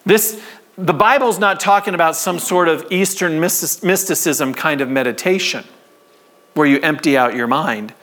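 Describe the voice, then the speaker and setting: Male pastor, sermon, fairly high voice, conversational, call-and-response, church sanctuary. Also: moderate pace. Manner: conversational, animated preaching with congregation call-and-response.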